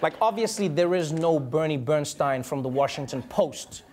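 A man's voice: on the high side, animated, normal speed, background noise. A man hosting a late-night comedy show, delivering scripted jokes and banter with a wry, mock-serious tone.

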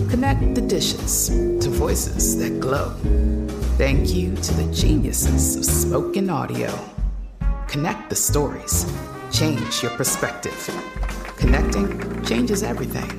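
A woman reading a rhyming commercial in a measured, poetic way. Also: low-pitched, gravelly. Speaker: ad voice-over. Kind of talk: rhyming ad narration. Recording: echoey, over loud guitar music.

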